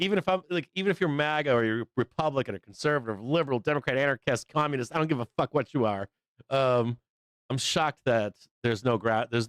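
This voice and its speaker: A middle-aged man ranting off the cuff on his live trading stream, swearing freely and breaking into laughs. His voice is smooth and resonant, recorded close and dry with no room sound. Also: medium pitch, no echo. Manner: blunt, profane, laughs often. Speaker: live trading show host. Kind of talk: casual livestream chat.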